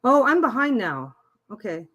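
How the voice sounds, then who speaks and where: Middle-aged woman, tarot reader on a live stream, casual and rambling, somewhat high pitch, self-correcting mid-sentence. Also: big pitch swings, normal speed, fairly bright tone. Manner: chatty and rambling, often restarting and correcting herself; reads viewer comments aloud and answers them.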